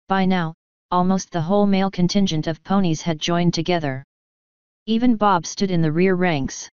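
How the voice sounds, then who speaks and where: Brief: woman story reader, smooth and low, dry slightly dull recording. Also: normal speed, darkish tone, no room sound. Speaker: fanfiction reader. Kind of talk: narrated story reading.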